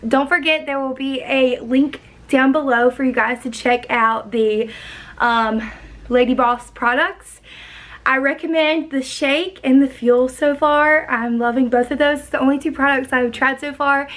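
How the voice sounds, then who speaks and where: A woman's voice: high-pitched, fairly even intonation, unhurried, a bit bright. Chatty young woman vlogging at home. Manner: chatty, loose, full of "like" and "um". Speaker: lifestyle vlogger reviewing a supplement. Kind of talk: casual chat to camera.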